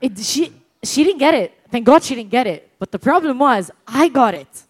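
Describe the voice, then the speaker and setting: Woman, fairly high voice, animated storyteller in casual chat, laughs through her lines. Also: normal speed, slightly rough. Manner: animated, laughs often while telling.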